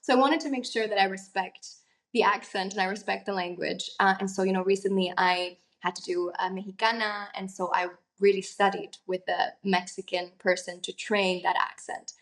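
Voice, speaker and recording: Young italian-born actress chatting loosely, ums and likes everywhere. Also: female voice, mid-range voice, fairly even intonation, normal speed, fairly bright tone. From Italy. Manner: chatty, many fillers and laughs. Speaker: actress, guest. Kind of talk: casual interview talk.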